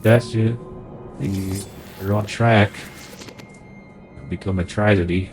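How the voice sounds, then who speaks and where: Low-voiced man reading game journals aloud. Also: steady tone, takes it slowly, soft background music. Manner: reads in-game journals aloud, then quips. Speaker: game streamer. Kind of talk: let's play commentary.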